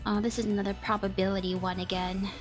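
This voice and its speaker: A woman's voice: mid-range voice, flat delivery, quick pace. A woman chatting casually as she plays through a game, thinking aloud with lots of fillers. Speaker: gaming YouTuber. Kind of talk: casual gameplay commentary. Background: faint game music.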